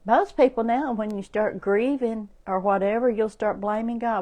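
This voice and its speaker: A woman's voice: on the high side, normal speed, few pauses, warm tone. A woman giving an informal sermon, repeating herself and building to emphatic, rising preaching.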